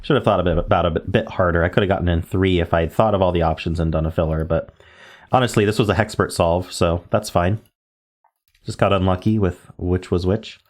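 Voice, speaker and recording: A man with a low, deep voice talks his way through word puzzles, spelling out letters and musing over guesses. He keeps it casual and thinking-aloud, often correcting himself mid-sentence. Keyboard typing clicks sound behind him. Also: fairly even intonation, brisk. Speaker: word game streamer.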